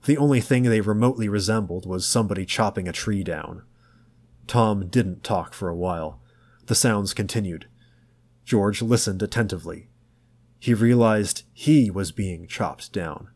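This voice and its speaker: Male audiobook reader, slow and measured, husky, lowish voice. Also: a little mellow. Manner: slow, measured and low-key. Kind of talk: audiobook narration.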